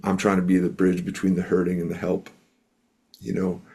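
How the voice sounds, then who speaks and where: A man's voice: low-pitched, monotone, a little fast, warm tone, husky. A middle-aged man from Canada, a musician and speaker, telling stories as an interview guest in an earnest, rambling way with lots of fillers. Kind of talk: storytelling in an interview.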